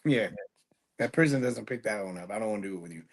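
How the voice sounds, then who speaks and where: A man who is a guest on a casual podcast, telling relaxed stories about when he was first starting out. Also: lowish voice, fast talker, slightly rough. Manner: relaxed, reminiscing storyteller. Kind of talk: casual chat.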